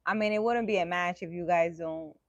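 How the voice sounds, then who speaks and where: A woman's voice: fairly low pitch, a little fast, no room sound, lo-fi sound. A woman hosting a casual livestream, chatting with viewers in a playful, teasing way. She speaks emphatically and laughs often. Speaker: livestream host answering viewers.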